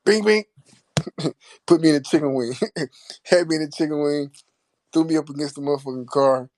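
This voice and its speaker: A man's voice: a little high, fairly even intonation, a little fast, a little mellow. Laid-back man telling a story. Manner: laid-back, profane, laughing. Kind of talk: casual storytelling.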